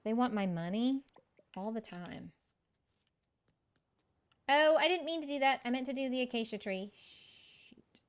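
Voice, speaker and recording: A woman's voice: a little high, lively intonation, moderate pace, long pauses. A woman streaming a game, chatting casually with viewers in a chatty, self-mocking way and laughing often. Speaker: live-streaming gamer. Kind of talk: casual gameplay chat with viewers.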